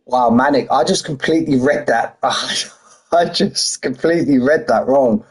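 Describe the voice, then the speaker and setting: Chatty husky British man streaming. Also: mid-range voice, a little slow, rough recording. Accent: British English. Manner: chatty, banters with chat, drops h's and says "mate". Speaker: sim racing streamer. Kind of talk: casual live-stream chat.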